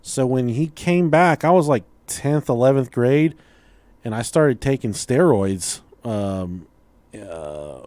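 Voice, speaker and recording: A man's voice: mid-range voice, expressive, takes it slowly, darkish tone, no echo. A man hosting a podcast, telling a rambling childhood story in casual chat, swearing freely and laughing as he goes. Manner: profane, laughs through his own story. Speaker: podcast host.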